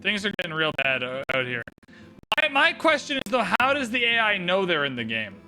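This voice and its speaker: A man commentating a live game stream, excitable and theatrical, swinging from shouts to mumbled asides. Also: sits high, a little fast, music in the background. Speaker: livestream host commentating an AI game tournament.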